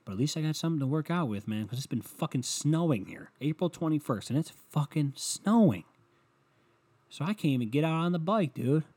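A man's voice: fairly high pitch, lively intonation, fast, hardly any pauses, darkish tone, slightly rough. A young adult man rambling and ranting at home, sarcastic and full of swearing, in a solo comedic monologue.

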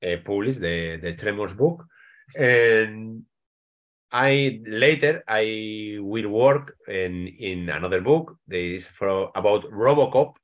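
A man with a Spanish accent talks in a somewhat low voice, stopping and restarting often as he reaches for English words. He speaks as a guest author in a relaxed interview. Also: lo-fi sound. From Spain. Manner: halting, many restarts and repeated words. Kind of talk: casual interview chat.

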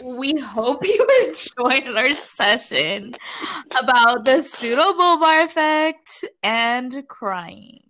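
Slow-talking woman with a high lively voice. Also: a little hiss or hum. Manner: brief reactions, wraps up the show. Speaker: podcast co-host. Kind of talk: casual chat.

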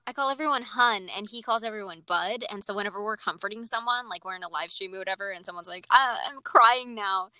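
A woman's voice: medium pitch, fast, hardly any pauses, bright, forceful tone, dry recording. A young woman co-hosting a podcast in casual chat, laughing easily and protesting in mock offense. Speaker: podcast co-host.

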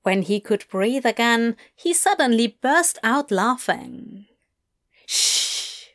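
A woman narrating fan fiction in a soft, hushed, intimate reading voice. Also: fairly high pitch, animated, takes it slowly.

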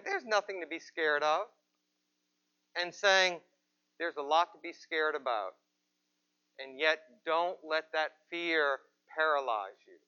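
A man's voice: high-pitched, pushed and bright, lo-fi sound. A man pastor giving a conversational sermon in church, asking rhetorical questions of the congregation. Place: church, with people present and some watching remotely.

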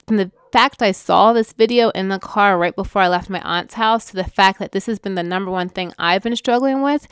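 A woman's voice: medium pitch, clear, resonant tone, no echo, studio quality. A woman vlogging, talking through personal struggles in a heartfelt, rambling way with self-corrections. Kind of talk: emotional personal sharing.

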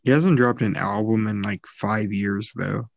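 A man's voice: on the low side, steady tone, a little slow, gravelly, no room sound, dull audio. A man hosting a casual podcast chat, talking in a dry, teasing, opinionated way. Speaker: podcast host.

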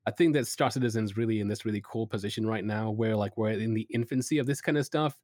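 Guy on a podcast rambling, lots of like and you know, low-ish voice, dry sound no room. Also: fast talker, darkish tone, dry recording. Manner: enthusiastic, advice-giving. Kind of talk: casual chat.

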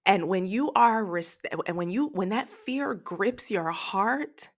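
Slow, emotional woman preaching. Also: mid-range voice, lively intonation. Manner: slow, emotional, prays aloud between points. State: tearful, emotional. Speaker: podcast preacher. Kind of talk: devotional sermon podcast.

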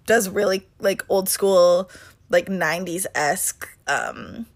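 A woman in her twenties co-hosts a podcast, her voice on the low side and her pace slow. She chats casually, peppering her talk with "like" and swearing freely.

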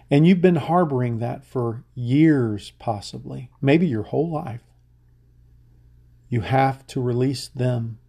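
A middle-aged man preaches a sermon as a pastor, earnest and insistent, often stumbling into restarts. His voice is gravelly and has a fry to it. The tone is dark and mellow. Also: medium pitch.

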